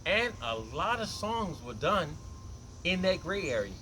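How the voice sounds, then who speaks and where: Lively man demonstrating a bass. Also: measured pace, background noise. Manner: loose, conversational, repeats phrases. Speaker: bass guitar teacher. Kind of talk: casual instrument demonstration. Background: bass guitar playing between lines.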